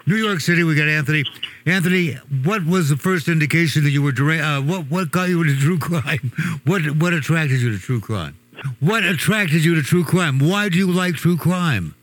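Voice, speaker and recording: A man's voice: on the high side, normal speed, fairly bright tone. A man hosting a radio talk show, joking around and laughing often as he chats.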